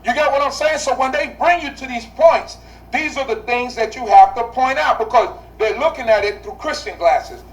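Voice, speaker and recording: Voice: high-pitched, normal speed, distant mic, low-quality recording. A Bible study teacher speaking to a class, asking rhetorical questions and repeating key phrases for emphasis.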